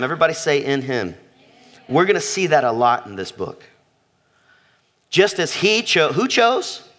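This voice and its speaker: A man's voice: fairly high pitch, sing-song, unhurried, long pauses, a bit bright. A man preaching a sermon as pastor, emphatic, repeating phrases and asking the congregation questions. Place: church sanctuary.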